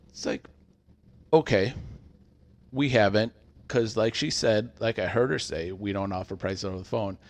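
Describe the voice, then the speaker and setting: A man with a somewhat low voice tells a workplace story in a relaxed podcast chat. He acts out what people said, getting loud for the quotes. He sounds to be in his thirties. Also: normal speed. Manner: animated storyteller acting out quotes. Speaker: podcast co-host telling a work story.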